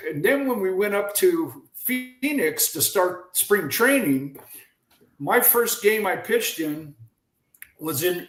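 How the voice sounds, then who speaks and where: Guy in his 70s spinning baseball yarns, kinda high voice, lots of restarts, roomy echo. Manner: lively storyteller who acts out quoted voices, with frequent restarts. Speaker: guest, former baseball pitcher. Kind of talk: animated storytelling in a chat.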